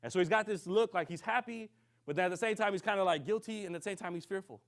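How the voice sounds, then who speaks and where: A man preaching to a congregation. He tells a story with lively, acted-out dialogue and keeps checking in with his listeners. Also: sits high, fast. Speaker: minister. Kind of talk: sermon storytelling.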